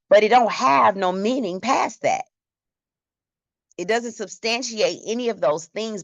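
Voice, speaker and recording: A woman's voice: medium pitch, no room sound. A woman teaching a church Bible class in a conversational way, asking the class questions.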